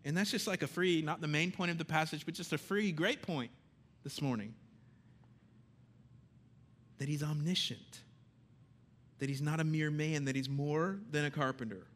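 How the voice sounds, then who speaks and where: A man preaching a sermon in a conversational, animated way, swinging between loud emphasis and hushed lines. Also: on the high side, normal speed, long pauses.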